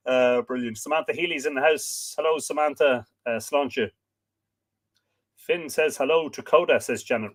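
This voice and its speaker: A man's voice: fairly high pitch, moderate pace, a bit bright. Irish man chatting on a livestream. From Ireland. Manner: chatty, reads out names and greetings with frequent fillers. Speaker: livestream host. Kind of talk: casual livestream chat, reading viewer comments. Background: dog barking at times.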